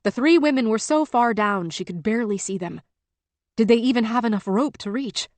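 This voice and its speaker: A woman narrating an audiobook in a measured, tense storytelling manner. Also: on the high side, darkish tone, no room sound. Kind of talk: scripted narration.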